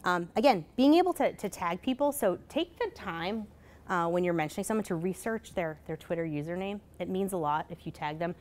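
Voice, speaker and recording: A woman giving a conference presentation in a casual, hurried way, full of fillers and asking "right?" as she goes. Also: on the low side, animated, a little mellow. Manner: casual, many fillers, rhetorical "right?" tags; hurried, self-correcting. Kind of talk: live presentation. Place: conference session.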